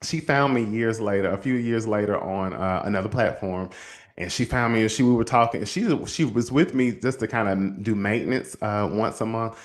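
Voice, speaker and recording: A man hosts a motivational talk and tells a long, heartfelt story about a client. He acts out the people in it, jumping up in pitch for their lines, and speaks to listeners as y'all in a casual, warm-hearted way. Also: moderate pace. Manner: animated storyteller, acts out quoted voices. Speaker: host and counselor.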